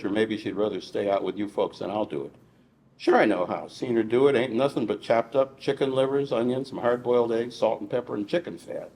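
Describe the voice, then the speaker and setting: A man's voice: on the low side, darkish tone, a little hiss or hum, close to an everyday voice. A man reading the lines of an older, outspoken Southern woman cook with a Mississippi accent. He voices her in a folksy, dialect-heavy way and has her call out to the Lord. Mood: fussing. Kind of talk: reading aloud from a novel. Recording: echoey room.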